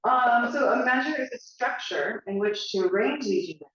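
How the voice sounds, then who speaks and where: A woman's voice: fairly high pitch, expressive, moderate pace, fairly bright tone, far from the mic. Dance teacher lady chatting thru a lesson, super echoey room, kinda muffled sound. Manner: chatty, filler-heavy, explains with examples. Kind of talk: casual instructional talk.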